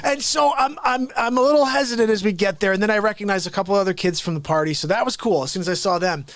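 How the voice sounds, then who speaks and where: Guy hosting a live stream, high voice, super animated storytelling, dry mic. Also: rapid-fire, no room sound. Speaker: host.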